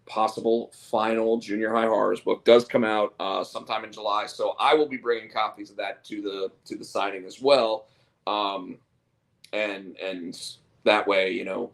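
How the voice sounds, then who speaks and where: A man's voice: on the low side, level tone, normal speed, vocal fry. A man hosting a casual chat show, rambling and repeating words as he tells stories. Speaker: podcast host and comic artist.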